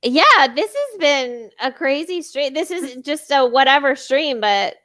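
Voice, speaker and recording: A woman's voice: sits high, very animated, a little slow, sharp tone. A woman co-hosting a casual livestream chat, giggly and rambling, often poking fun at herself. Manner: giggly, rambling, self-deprecating. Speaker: co-host.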